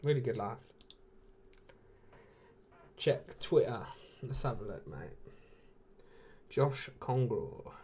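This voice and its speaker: A man's voice: mid-range voice, animated, takes it slowly, long pauses, darkish tone, slight background noise. A man in his late twenties with an English accent, hosting a casual live watch-along and chatting with viewers, laid-back and laughing often. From England. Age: 20s.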